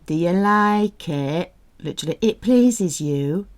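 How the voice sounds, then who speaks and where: A woman leads a French audio drill, saying each phrase slowly and more than once. Her pitch rises and falls a lot as she speaks. She cheers the listener on in an encouraging way. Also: expressive. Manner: slow, repeats phrases, encouraging. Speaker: French teacher.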